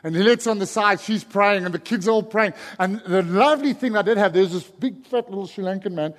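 A middle-aged man preaching a sermon, telling a story with animated energy and shouting in its excited stretches. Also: high voice, brisk. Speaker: pastor. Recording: long hall reverb.

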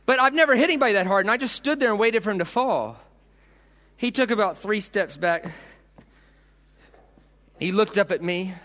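A man's voice: high-pitched, animated, normal speed, pauses often, fairly bright tone. A man preaching a storytelling sermon, dramatic, acting out voices and punches. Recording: long hall reverb.

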